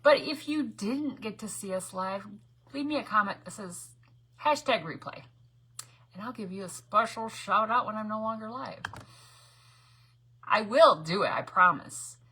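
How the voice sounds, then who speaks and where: Bright chatty woman crafter. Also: mid-range voice, expressive, unhurried, long pauses, slightly rough. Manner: chatty and rambling, greets viewers by name, with hushed asides. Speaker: craft livestream host. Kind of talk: casual live crafting chat. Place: home craft room.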